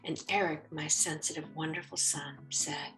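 A middle-aged woman and Bible teacher telling a personal faith story, expressive and acting out what people said. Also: sits low, moderate pace, distant mic. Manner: expressive, acts out quoted speech. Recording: roomy echo, faint music.

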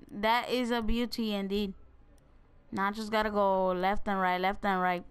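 A young woman giving casual, excitable gameplay commentary, joking and talking straight to her viewers. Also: medium pitch, a little slow, smooth. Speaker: gaming video creator.

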